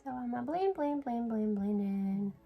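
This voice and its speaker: A woman's voice: a little high, lively intonation, unhurried, vocal fry, narrow, tinny audio, faint music behind. A woman filming a casual makeup tutorial at home, chatty and sleepy, yawning and apologizing as she talks. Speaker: beauty vlogger.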